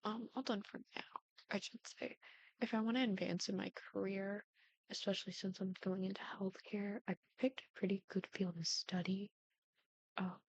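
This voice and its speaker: A woman's voice: medium pitch, gravelly, no room sound. A young woman YouTuber chatting casually over gameplay, rambling with frequent ums. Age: young adult. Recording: dull lo-fi dry sound.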